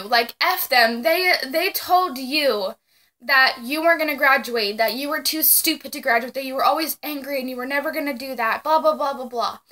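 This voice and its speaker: Young woman, late teens, vlogger; high, sharp tone, excitable and outspoken. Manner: gushing, excitable, blunt with mild swearing. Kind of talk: casual emotional address to camera.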